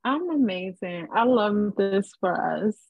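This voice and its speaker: A woman co-host chatting in a relaxed, teasing way. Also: medium pitch, a little slow. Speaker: podcast co-host. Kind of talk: casual chat. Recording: tinny phone-like line.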